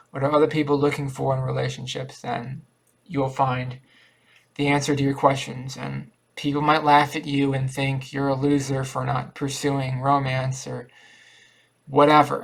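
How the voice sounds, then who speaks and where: Man, vlogger, flat monotone delivery, gravelly fry, earnest, halting and repetitive. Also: mid-range voice. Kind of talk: rambling personal monologue.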